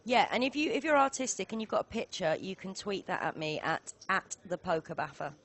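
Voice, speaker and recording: A woman's voice: medium pitch, big pitch swings, a little fast, fairly bright tone. A woman commentating a live poker stream, joking and bantering with her co-host. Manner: jokey, banter-loving.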